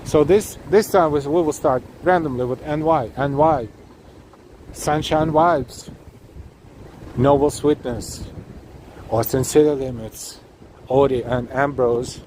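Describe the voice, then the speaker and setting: At night on city streets, a man hosts a live walking tour stream, chatting casually and effusively with viewers as he walks, full of restarts and fillers. His voice is higher-pitched and darkish, slow with long pauses. The noisy outdoor recording carries street traffic in the background.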